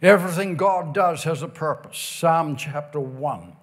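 A man with a high voice delivers a revival sermon. He stretches out key words, rises into shouts and slips into a sing-song cadence as he reads verses aloud. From Ireland. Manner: emphatic, drawn-out stresses, bursts of shouting and sing-song phrasing. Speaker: preacher.

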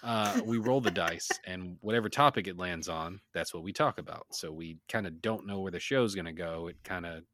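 A man's voice: deep voice, normal speed, few pauses, a bit bright, a little hiss or hum. A man co-hosting a casual podcast, joking around and explaining the show's dice game in a loose, easygoing way. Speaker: podcast co-host.

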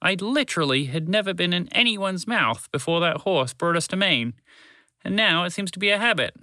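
A man's voice: sits high, lively intonation, moderate pace, bright, forceful tone, no echo, studio quality, voice pushed up, full character voice. A man voicing a grumpy male frog in a children's story, grumbling and complaining. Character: grumpy male frog, formerly of a big city.

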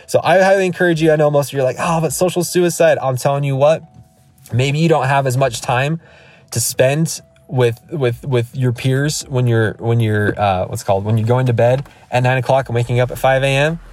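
A man's voice: medium pitch, brisk, a little mellow, dry recording. A man in his thirties, a podcast host, giving an emphatic, rambling motivational rant from his car, recorded on a phone. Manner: emphatic, repetitive, rambling with restarts. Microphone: iPhone.

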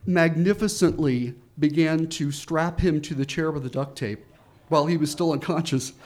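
A man telling a first-person story, animated and full of laughing asides. His voice sits on the high side for a man. He acts out his own panic with lively, quick bursts.

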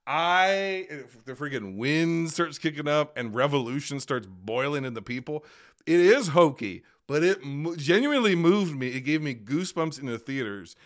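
A man's voice: a little high, lively intonation, normal speed. A man guesting on a film podcast, talking casually and with enthusiasm, stressing words emphatically.

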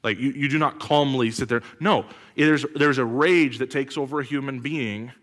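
A man preaching a sermon as pastor, animated and full of rhetorical questions, with sudden loud bursts. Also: mid-range voice, normal speed. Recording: long hall reverb.

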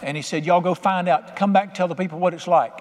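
A man preaching a sermon as pastor, folksy and animated, with punchy asides. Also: high voice, fast. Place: church sanctuary. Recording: long echo of a church hall.

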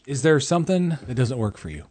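A man's voice: mid-range voice, sing-song, fairly quick, very noisy. A man co-hosting a podcast, chatting casually about a movie in a blunt, wry way with casual swearing. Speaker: podcast co-host.

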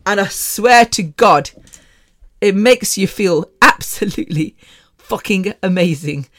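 Woman, podcast host, casual monologue, candid, swears a bit, rambling, mid-pitched voice. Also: lively intonation, slow, fairly bright tone. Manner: frank and candid, peppered with mild swearing; rambling, with frequent restarts.

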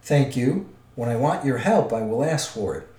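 Beorn, a gruff big man, read by a man. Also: medium pitch, lively intonation, normal speed, warm tone, close to an everyday voice. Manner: growling, curt. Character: gruff, blunt big man, impatient host. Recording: roomy echo.

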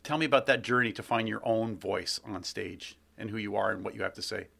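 A man hosting an interview who asks his questions in a measured, conversational way. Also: fairly low pitch, gravelly, a bit bright. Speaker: interviewer host.

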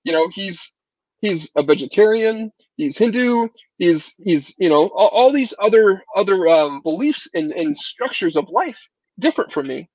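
A man's voice: high-pitched, expressive, normal speed, a little mellow, no echo, highs cut off. A man speaking as a guest on a casual podcast, earnest and reflective, with frequent restarts.

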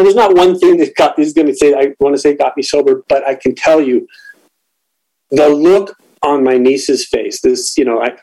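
Man, middle-aged, candid, reflective, halting, personal storytelling, ordinary pitch. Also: darkish tone, low-quality recording. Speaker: guest sharing a recovery story.

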